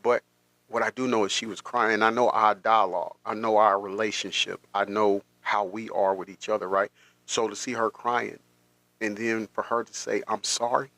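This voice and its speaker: Halting man telling a personal story. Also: fairly low pitch, flat delivery, pushed and bright, no room sound. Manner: halting, many restarts, emotional. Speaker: podcast host.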